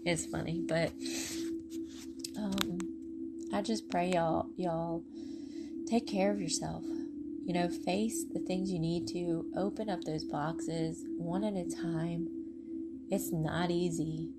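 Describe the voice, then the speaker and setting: Earnest, tired woman, gravelly voice. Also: on the low side, fairly even intonation, loud music behind the voice. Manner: earnest, heartfelt, preachy, with pauses. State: tired, voice going. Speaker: faith testimony podcaster. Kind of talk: emotional personal testimony.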